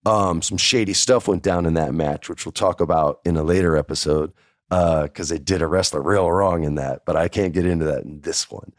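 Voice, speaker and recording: A man with a deep voice hosts a podcast, briskly relating a casual story about himself in a chatty manner and voicing the quoted lines. The audio is studio quality with no room sound.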